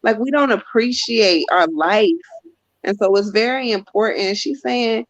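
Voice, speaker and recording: A woman psychic medium giving a live-stream spirit reading, gentle and casual. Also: medium pitch, a little slow, dry recording. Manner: emotional, gentle, casual colloquial. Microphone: phone. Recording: dull muffled phone audio.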